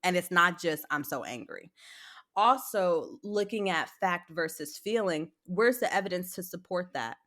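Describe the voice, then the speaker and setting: A woman guest psychologist explaining ideas step by step in a conversational interview, animated when acting out examples. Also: on the low side, unhurried. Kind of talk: conversational advice.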